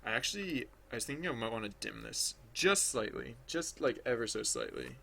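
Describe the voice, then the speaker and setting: A man's voice: medium pitch, lively intonation, brisk, vocal fry, bright, forceful tone. A man thinking aloud as he draws on a livestream, rambling and hesitant, full of restarts, chatting with viewers. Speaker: livestreaming digital artist.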